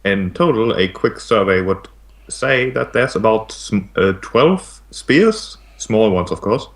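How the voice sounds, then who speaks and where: A young man narrating a tabletop game as game master, in a relaxed, matter-of-fact way with some hesitant restarts. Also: lowish voice, takes it slowly.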